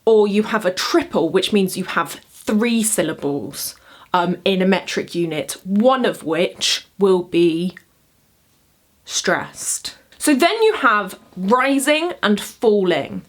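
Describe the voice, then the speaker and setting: A woman speaking at a slow, unhurried pace as she teaches poetry to camera. Her manner is chatty and upbeat, and she counts out the beats of each rhythm as she goes. She is standing up at home while she records. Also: mid-range voice, animated. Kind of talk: casual explainer video.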